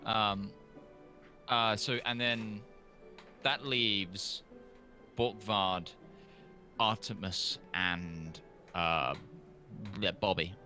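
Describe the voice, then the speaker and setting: Male game master, low pitch, bright tone, halting easygoing delivery. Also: fairly even intonation, soft background music. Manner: halting, many ums and uhs, easygoing. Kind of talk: running a tabletop horror game.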